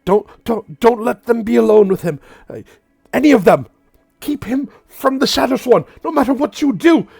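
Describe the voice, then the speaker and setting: A man's voice: very high-pitched, expressive, normal speed, gravelly, a little mellow, breathy edge, no room sound, studio quality, faint music behind, voice pushed up, heavily acted. A man voicing a panicked female messenger who stammers in a rush. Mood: urgent. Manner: stammering, frantic. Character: panicked young woman messenger.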